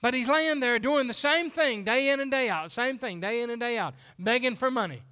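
Pastor, man, very high voice, folksy animated sermon delivery. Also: fairly quick, smooth.

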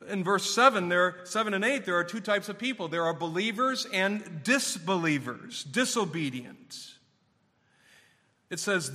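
A man preaching a sermon to his congregation, stressing key words and shifting between quiet and forceful passages. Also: expressive, unhurried, in a large hall. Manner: emphatic, building to raised intensity then dropping low. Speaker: pastor.

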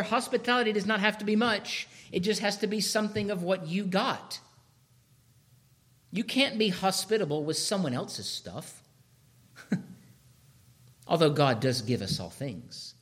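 A man preaching a sermon as pastor, swinging from hushed lines to shouted ones and asking his listeners rhetorical questions. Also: sits high, expressive, measured pace.

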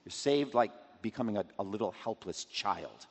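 A man's voice: lowish voice, expressive, normal speed, a little mellow, breathy edge, long reverb tail. A man preaching a sermon, walking through scripture and acting out quotes and everyday scenes. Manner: expository, acts out scripture quotes and scenarios.

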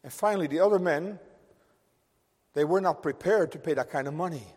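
A male preacher delivers a sermon with a slightly raised pitch, speaking earnestly. He pushes key phrases hard and then drops to near quiet. His voice trails off in the long reverb of a church sanctuary. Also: a little fast, husky. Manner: earnest, emphatic, swings between loud stress and quiet.

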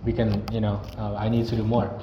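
A young man with a fairly low, monotone voice talks fairly quickly as he preaches an earnest, conversational sermon, at times acting out sample greetings. He's in a church hall, and the recording is echoey, dull, and noisy.

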